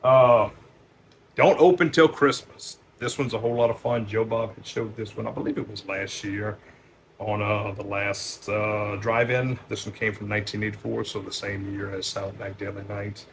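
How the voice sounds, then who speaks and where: A lowish-voiced man talks loosely through a pile of movies, swearing freely and leaning on fillers. He jumps louder whenever he calls out a title. A faint noise hums under the recording. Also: fairly even intonation, normal speed, vocal fry. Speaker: video store owner presenting movies. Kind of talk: casual rundown of a movie stack.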